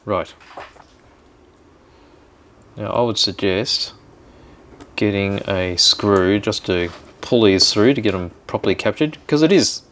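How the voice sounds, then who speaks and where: A man hosting a workshop video, calmly explaining each step of a kit build in casual chat. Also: lowish voice, slow, long pauses, a little hiss or hum. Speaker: hobby shop host building a kit.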